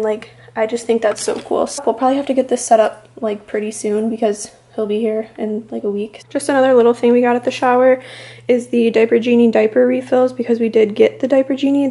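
A woman's voice: fairly high pitch, a little mellow, roomy sound, a little hiss or hum, poor audio. A heavily pregnant young woman vlogging from home, chatty and upbeat with many fillers, a little out of breath. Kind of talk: casual haul vlog.

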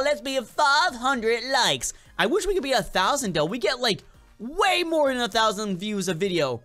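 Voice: medium pitch, very animated, normal speed, sharp tone, faint music behind. A gaming video creator with a slight accent and a lingering cold, giving playful, chatty gameplay commentary straight to viewers.

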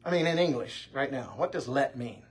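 Husky-voiced man teaching a church class. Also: mid-range voice, normal speed. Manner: conversational, anecdotal, lively delivery. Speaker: Bible teacher.

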